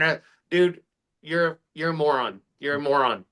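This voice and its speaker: A man co-hosting a casual podcast, ranting fast and heatedly with lots of swearing. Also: on the high side, fairly bright tone. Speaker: podcast co-host. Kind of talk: casual political podcast chat.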